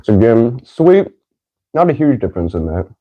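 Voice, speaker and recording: A man's voice: medium pitch, big pitch swings, moderate pace, phone-quality sound. A man hosting a casual podcast, doing a food taste challenge, laughing often and swearing casually. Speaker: podcast host.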